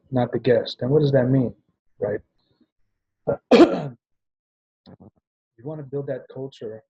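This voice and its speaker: A man's voice: mid-range voice, mellow, husky, dull audio. A man giving a rambling training talk to sales agents, often restarting and checking in with "right?". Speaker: business trainer at a travel party.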